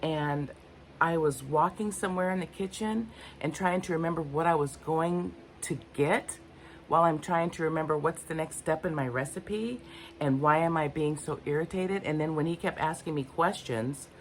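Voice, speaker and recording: A woman's voice: low-pitched, normal speed, slight background noise. An older woman vlogging unscripted, candid and rambling, often searching for her words. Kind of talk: unscripted personal talk to camera.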